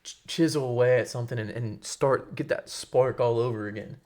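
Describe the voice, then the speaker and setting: A man's voice: mid-range voice, brisk, a little mellow. A young man co-hosting a faith podcast, speaking in an encouraging, slightly preachy way and often repeating himself as he builds a point. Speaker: podcast co-host. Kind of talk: casual faith conversation.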